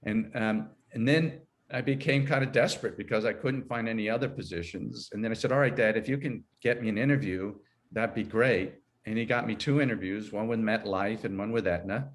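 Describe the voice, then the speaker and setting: A man's voice: on the low side, brisk, hardly any pauses. A man in his sixties, an HR consultant, talking through his career in a rambling, self-correcting way and laughing easily. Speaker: guest, HR consultant. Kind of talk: conversational interview.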